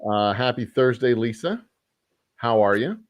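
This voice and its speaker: A man's voice: medium pitch, lively intonation, a little slow, no echo. A man hosting a podcast in casual chat, rambling and joking, often correcting himself mid-sentence. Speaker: podcast host and whiskey maker.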